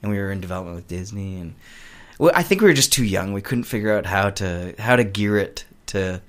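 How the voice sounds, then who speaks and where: Interview guest: a man, casual and animated, rambling answers that trail off. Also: lowish voice, brisk. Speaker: guest, puppet show creator.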